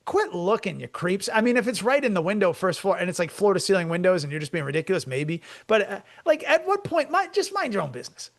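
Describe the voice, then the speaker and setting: Man, comedian co-host, high voice, rambling jokey banter. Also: fast talker, hardly any pauses. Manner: rambling, joking, animated. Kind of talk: casual comedic chat.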